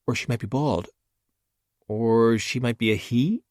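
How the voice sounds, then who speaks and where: A man's voice: mid-range voice, a little slow, a little mellow, no echo, pitched above the performer's own voice, close to an everyday voice. Guy doing a raised-up voice for a snarky young woman, dry jokes, audiobook. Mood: wisecracking. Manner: dry, wisecracking.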